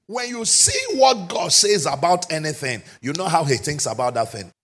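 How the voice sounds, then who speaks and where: A man preaching a sermon as pastor, emphatic and often shouting, with rhetorical questions to the congregation. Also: on the high side, very animated, moderate pace, husky.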